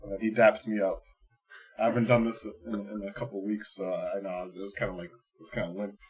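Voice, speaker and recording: A man with a husky, breathy voice spins a long, rambling anecdote on a casual podcast. He laughs through his own story and swears freely in relaxed chat. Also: on the low side, fast. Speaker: podcast co-host.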